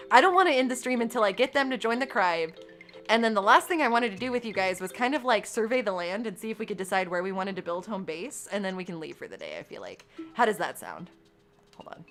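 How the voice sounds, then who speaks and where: Excitable bright-voiced woman streamer. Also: medium pitch. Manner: excitable, squealing and shouting at game moments. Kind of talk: gaming livestream chat. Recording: faint background game music.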